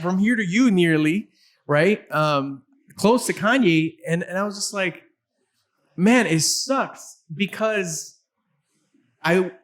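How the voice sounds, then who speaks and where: A man hosting a relaxed conversation with a guest, his voice sitting a little high for a man. He talks in fits and starts, repeating words and restarting sentences as he works out his thoughts. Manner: halting, many restarts and fillers. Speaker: podcast host. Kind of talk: casual chat.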